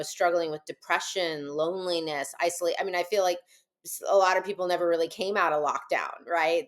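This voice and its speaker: A woman hosting a podcast interview, speaking in a reflective, hesitant way with fillers. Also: lowish voice. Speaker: podcast host. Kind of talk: conversational interview.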